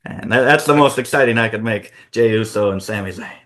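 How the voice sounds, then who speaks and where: A man hosting a casual fantasy-booking chat, telling the story in an animated way with frequent laughs. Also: lowish voice, fairly quick. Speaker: host.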